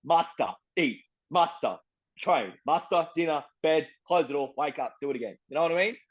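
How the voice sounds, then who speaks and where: A young Australian man telling his story as an interviewee, blunt and profane, full of street slang and animated retellings. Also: on the high side, normal speed, husky, muffled recording. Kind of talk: casual storytelling.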